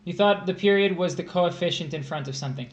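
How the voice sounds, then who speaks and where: A man's voice: high-pitched, fast, muffled recording. A man tutoring test prep on a casual livestream, joking and rambling as he explains math. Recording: echoey room, faint hiss.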